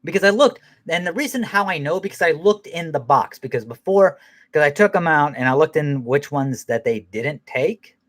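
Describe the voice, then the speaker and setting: A man's voice: on the high side, lively intonation, moderate pace, a bit bright. A man hosting a podcast who rambles through an angry, profane rant and laughs at himself now and then. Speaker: podcast host.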